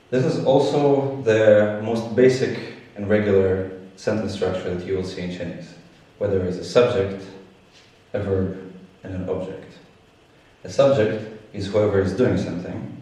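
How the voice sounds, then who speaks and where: A man's voice: low voice, dark tone, very echoey, distant mic, rough recording. A man teaching a beginner language lesson, explaining patiently step by step.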